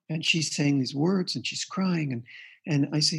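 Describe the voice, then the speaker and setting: A man's voice: on the high side, normal speed, gravelly, a bit bright, slightly rough. A man being interviewed as a guest therapist, earnestly recounting a client's case and quoting the dialogue. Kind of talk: interview storytelling.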